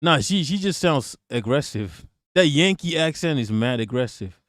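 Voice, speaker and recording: A man's voice: a little high, expressive, moderate pace, dry recording, studio quality. A man hosting a live stream, reacting to news and talking back to chat in a blunt, profane, joking way, often repeating himself. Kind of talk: casual live-stream commentary.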